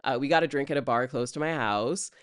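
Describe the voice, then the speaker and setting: A woman in her thirties, a comedian telling a story in casual chat, animated and laughing. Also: a bass voice, fast, no room sound, studio quality. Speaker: comedian guest.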